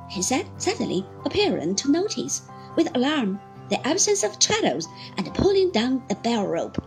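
A woman reading a classic novel aloud as an audiobook, with an expressive, varied delivery. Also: fairly high pitch, normal speed. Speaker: audiobook reader. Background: soft background music.

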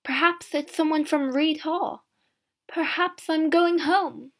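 Woman narrator, first-person storybook reading; slow, clear, slightly high. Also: steady tone. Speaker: audiobook narrator.

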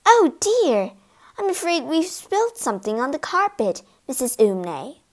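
A woman voicing an anxious, fussy mother who exclaims in a high, flustered way. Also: animated, moderate pace, warm tone, close to an everyday voice.

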